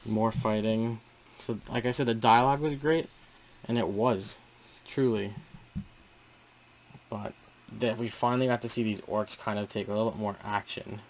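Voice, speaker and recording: Young male comic reviewer, low and gravelly, loose rambling delivery full of fillers, enthusiastic. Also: steady tone, moderate pace, pauses often.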